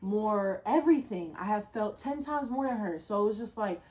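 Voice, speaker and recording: A woman telling a personal story in a casual storytime vlog, slangy and profane, swinging from low muttering to loud exclamations. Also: animated, normal speed. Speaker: storyteller vlogger.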